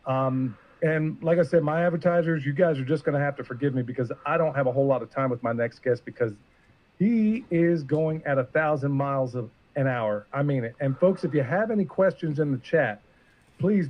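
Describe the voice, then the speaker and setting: A man's voice: a little high, brisk. A man hosting a live-streamed show, introducing a guest in an earnest, emotional, rambling way. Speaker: podcast host. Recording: muffled lo-fi stream audio.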